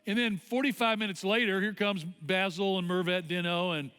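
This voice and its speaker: A male pastor with a high voice delivers his sermon like an animated story told to friends. His words linger in the long reverb of a church auditorium. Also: moderate pace, clear, resonant tone.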